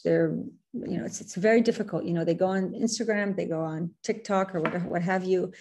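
Earnest woman speaker with a mellow voice. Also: lowish voice. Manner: earnest, repeats and corrects herself, mixes in Arabic phrases. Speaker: workshop speaker. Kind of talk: webinar presentation to parents.

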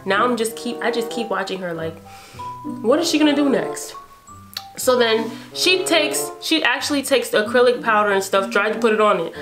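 Animated young woman, music behind. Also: fairly high pitch. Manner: animated, re-enacts dialogue with exclamations; casual slangy speech. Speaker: vlogger. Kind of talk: storytime vlog.

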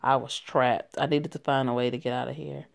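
A woman's voice: rumbling low, fairly even intonation, a little fast, creaky. A young woman casually reading a written story aloud, stumbling and correcting herself, swearing and laughing as she goes. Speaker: story reader.

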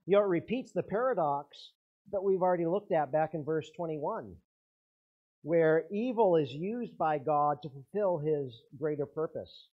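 A man's voice: on the high side, lively intonation, normal speed, phone-quality sound. A man preaching a sermon as pastor, earnest, his intensity rising and falling.

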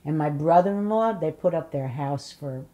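A woman's voice: deep voice, lively intonation, moderate pace, dark tone, muffled recording. An older woman in an oral history interview, telling blunt, funny stories and acting out what people said. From Polish immigrant family. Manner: blunt storyteller, acts out voices and curses.

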